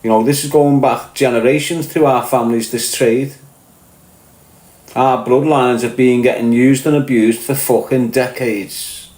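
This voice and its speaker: A man's voice: mid-range voice, steady tone, a little slow, darkish tone, echoey room, rough recording. A man with a Scouse accent, a podcast guest talking in a blunt, profane rant and repeating his points. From Liverpool, England. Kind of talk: ranting conversational monologue.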